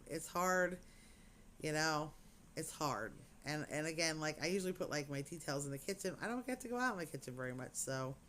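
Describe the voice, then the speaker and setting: A woman's voice: deep voice, fairly bright tone, slight background noise. A woman chatting casually to camera as a crafting vlogger, rambling with lots of "you know"s.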